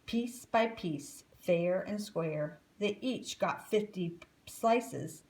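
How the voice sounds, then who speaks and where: A woman reading a children's storybook aloud, expressive and unhurried. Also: mid-range voice, low-quality recording.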